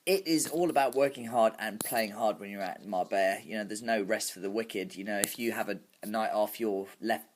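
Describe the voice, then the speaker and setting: A man's voice: fairly low pitch, brisk, hardly any pauses, a little hiss or hum, natural voice. An actor playing a brash, bragging male club promoter, in a comic character monologue full of fillers. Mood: cocky. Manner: cocky, bragging, full of "you know" fillers.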